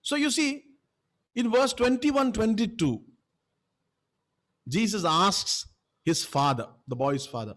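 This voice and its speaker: High-voiced pastor preaching emphatically. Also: male voice, slow, pauses often, a bit bright. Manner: emphatic, repetitive, with frequent rhetorical checks. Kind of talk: sermon.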